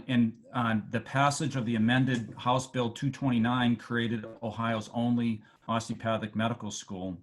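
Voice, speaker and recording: A man with a Boston accent giving a halting speech over a video call to alumni, with many fillers and restarts. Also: medium pitch. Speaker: medical school dean addressing alumni.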